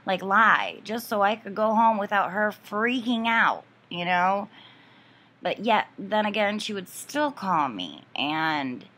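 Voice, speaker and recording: A woman's voice: medium pitch, animated, slow, fairly bright tone. A woman vlogger ranting casually about a neighbor, profane, exasperated and rambling with many fillers.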